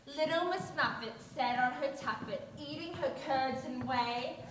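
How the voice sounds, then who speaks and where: A high-voiced young woman recites nursery verse in a sing-song, rhythmic delivery. The sound is echoey and distant, as in a large hall, with a faint hiss behind. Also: measured pace.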